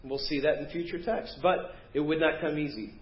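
Guy preaching in a church, lively, acts out the bible folks, kinda echoey and dull. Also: on the high side, fairly quick. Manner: animated preaching, acts out biblical voices. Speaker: pastor. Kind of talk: sermon. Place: church sanctuary. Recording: roomy, dull church recording.

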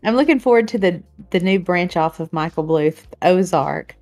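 A woman's voice: fairly low pitch, expressive, normal speed, darkish tone, faint music behind. A woman co-hosting a casual talk show, teasing and joking, interjecting nonsense. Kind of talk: casual livestream chat.

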